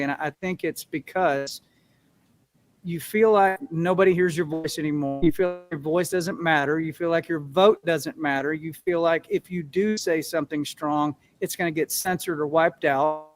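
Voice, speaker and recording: A man talks as an interview guest in an earnest, folksy way. He acts out the voices of ordinary people to make his points. His voice sits slightly high. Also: fairly even intonation, moderate pace. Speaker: guest, musician and business owner. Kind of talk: interview answers.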